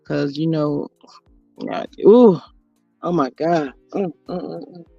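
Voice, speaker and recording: A woman's voice: low-pitched, slow, creaky, dark tone, breathy edge, dry recording. A woman hosting a casual livestream, chatty and sassy, greeting her viewers by name. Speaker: YouTube livestream host. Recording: dull lo-fi audio with faint music.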